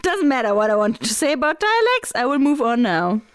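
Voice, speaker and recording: A woman's voice: sits high, very animated, fairly quick, clean tone. A woman in her twenties co-hosting a podcast, chatting casually with teasing, dry asides. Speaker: podcast co-host. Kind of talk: casual chat.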